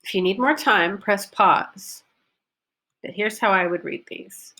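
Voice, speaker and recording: A woman teaching a pronunciation lesson, modelling sentences and stressing focus words deliberately. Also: mid-range voice, pushed and bright. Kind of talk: recorded online lesson.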